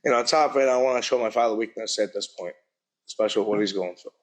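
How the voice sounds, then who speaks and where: A middle-aged man telling his own story at a public forum, speaking plainly and haltingly. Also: lowish voice. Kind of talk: personal testimony at a public forum. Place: university event hall.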